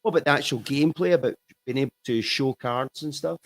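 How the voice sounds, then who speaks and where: A man's voice: medium pitch, fast talker. A man hosting a casual interview, asking questions and answering with brief agreement. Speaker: host.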